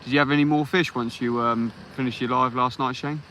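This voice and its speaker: An easygoing English man runs a live fishing stream from the shore, greeting each viewer by name. His voice is bright and forceful, and he speaks into a phone outdoors at night. A faint background hum sits under him. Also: mid-range voice, steady tone, a little fast, poor audio. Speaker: fishing livestream host. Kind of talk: casual live chat while fishing.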